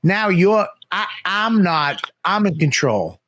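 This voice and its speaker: Animated man telling profane stories. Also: sits high, slow pace, no echo. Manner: profane, animated, acts out quotes. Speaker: guest comedian. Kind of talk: casual storytelling.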